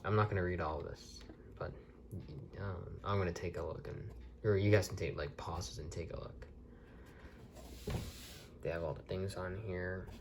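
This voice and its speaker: A man's voice: low-pitched, fairly even intonation, moderate pace, creaky, long pauses, background noise. A man reviewing a collectible video tape from the desk in his bedroom, talking casually and rambling with many restarts.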